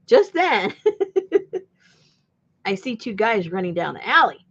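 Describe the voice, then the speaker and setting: A junk journal crafter and channel host chats casually while working on her crafts, telling a long, rambling story full of laughter and impressions of what others said. Her medium-pitched voice swings widely in pitch, and she goes slowly with frequent pauses; the recording sounds muffled.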